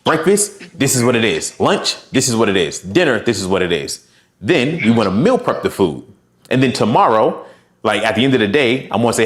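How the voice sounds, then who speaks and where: A man's voice: mid-range voice, very animated, fairly quick. A man working as a fitness coach, giving direct, encouraging advice and talking through examples. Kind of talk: coaching session.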